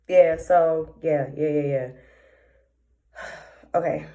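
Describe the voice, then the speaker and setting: A woman's voice: sits low, fairly even intonation, slow pace, long pauses, warm tone. A young woman hosting a podcast, telling a personal story candidly and emotionally, with lots of slang and filler words. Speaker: podcast host.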